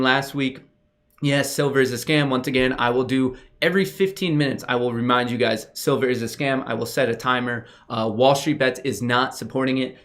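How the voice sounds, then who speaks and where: Young guy on a livestream, hyped and gushing, chatting straight to viewers, normal mid pitch. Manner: excitable, gushing, talks to chat directly. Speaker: livestream host. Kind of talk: casual livestream chat.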